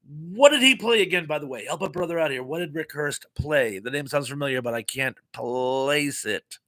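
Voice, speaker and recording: Bright-voiced, chatty American man. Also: on the high side, moderate pace. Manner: chatty and jokey, laughing often. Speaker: live stream host. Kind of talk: casual live chat, reading comments aloud.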